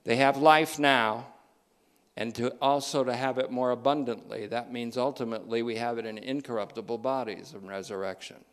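A man preaching a sermon, emphatic and repeating key phrases, slowing down and speeding up as he goes. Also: mid-range voice, fairly even intonation.

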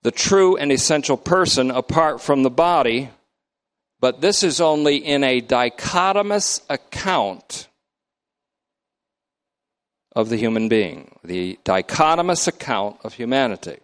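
An older man leading a Bible study in a lecture style, emphatic and slow to define each term, his pitch often swinging up and down. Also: lively intonation. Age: middle-aged or older. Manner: emphatic, defines terms slowly word by word.

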